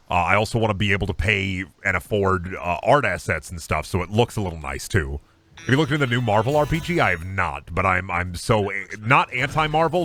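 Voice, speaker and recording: A man's voice: fairly low pitch, a bit bright, no room sound. A man streaming a game, chatting casually in a rambling, silly, self-deprecating way. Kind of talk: casual chat while gaming.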